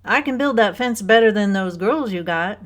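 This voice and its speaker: A woman's voice: medium pitch, lively intonation, moderate pace, fairly bright tone, close to an everyday voice. A woman voicing a cheerful drifting handyman. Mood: breezy. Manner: cheerful, breezy, offhand. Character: easygoing drifting handyman, cheerful grown man.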